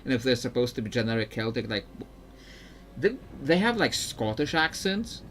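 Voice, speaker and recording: A man's voice: medium pitch, sing-song, moderate pace, fairly bright tone, slight background noise. Rambling male game streamer. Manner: rambling, self-interrupting, chuckling. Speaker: gameplay streamer. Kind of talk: casual gameplay commentary.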